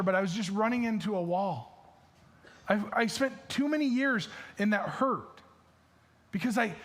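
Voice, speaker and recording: A male pastor with a Michigan accent preaching a sermon in a casual, chatty way, full of fillers and restarts. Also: sits high. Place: church stage.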